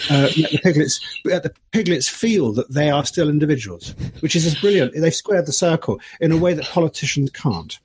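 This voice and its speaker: Husky guy, kinda high voice, thinks aloud and argues, stops and restarts a lot. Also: darkish tone. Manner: musing, argumentative, many restarts. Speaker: documentary filmmaker, guest. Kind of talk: animated interview talk.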